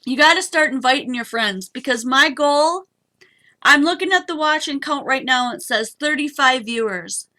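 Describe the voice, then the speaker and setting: A woman's voice: high-pitched, expressive, normal speed, bright, forceful tone. A woman hosting a live papercraft stream, chatty and bubbly as she demonstrates and talks to her viewers. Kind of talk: casual craft demonstration.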